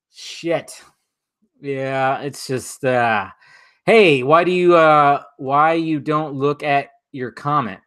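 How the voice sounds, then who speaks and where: A man's voice: medium pitch, a bit bright, smooth. A man hosting a casual live stream, chatting loosely and swearing while he sips a drink.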